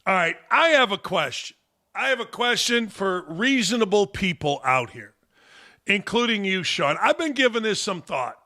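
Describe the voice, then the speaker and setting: A man's voice: high voice, sharp tone. An older man hosting a live fan Q&A stream, talking in a brash, profane, rambling way and telling stories. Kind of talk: casual live-stream chat.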